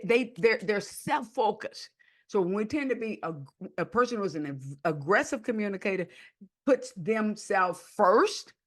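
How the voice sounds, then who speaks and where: A woman hosting a podcast, teaching in a lively way with many repeated words and restarts, sometimes acting out rude people in a raised voice. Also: mid-range voice. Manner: animated, acts out rude people in a raised, whiny voice. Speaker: podcast host and counselor.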